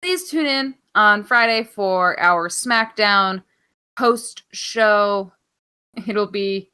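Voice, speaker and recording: A woman's voice: mid-range voice, extremely slow, sharp tone, clear, resonant tone. A young woman co-hosting a wrestling podcast, casual, playful and sarcastic, swearing freely. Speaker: podcast co-host. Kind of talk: casual chat.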